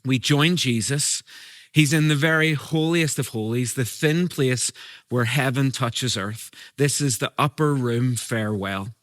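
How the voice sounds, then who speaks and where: A man's voice: mid-range voice, a bit bright, no room sound. Man from europe, guest preacher, sermon storytelling, mid-range voice, dry close sound. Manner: storytelling, shifts between brisk and slow emphatic delivery.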